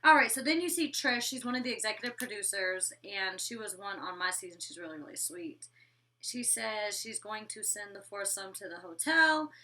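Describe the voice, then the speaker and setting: A woman's voice: mid-range voice, expressive, normal speed, pushed and bright, recorded from a distance. A woman in her twenties casually recapping a reality show episode, blunt and sassy, swearing freely. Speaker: former reality show cast member reviewing episodes.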